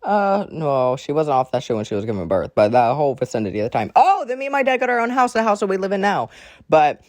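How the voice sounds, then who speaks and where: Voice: medium pitch, big pitch swings, quick pace. A teenager from Alabama doing a draw-my-life storytime, chatty and rambling, swearing often and distracted while drawing. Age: teens. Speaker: creator.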